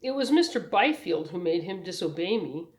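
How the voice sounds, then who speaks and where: A woman's voice: fairly low pitch, expressive, a little mellow, close to an everyday voice. A woman voicing an old, indignant schoolteacher. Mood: earnest. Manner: indignant, earnest, deliberate. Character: elderly woman history teacher, principled, hurt. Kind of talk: audiobook character reading.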